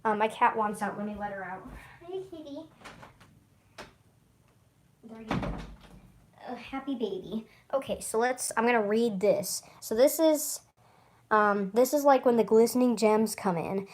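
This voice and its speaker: A woman's voice: on the high side, normal speed, a little mellow. A woman vlogger chatting casually to camera, rambling and often stuttering and restarting. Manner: chatty, rambling, with frequent laughs.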